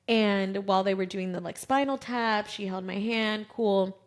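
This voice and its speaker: Speaking a little slowly in a medium-pitched voice, a woman in her thirties recounts something personal while co-hosting a podcast. Her casual storytelling is lively, and she voices the people she quotes.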